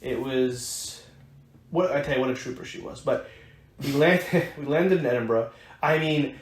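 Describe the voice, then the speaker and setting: A mid-range male voice at a moderate pace belongs to an American podcast co-host spinning a long, wandering tale with many fillers and restarts. It's casual conversation captured in an echoey room with faint hiss.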